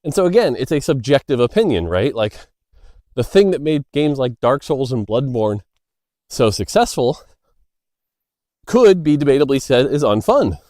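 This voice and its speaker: A man's voice: mid-range voice, very animated, moderate pace, mellow, dry recording, clean studio sound. Casual man talking on a walk. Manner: loose, filler-heavy, storytelling. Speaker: game designer. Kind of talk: casual Q&A monologue. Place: outdoors walking by a road.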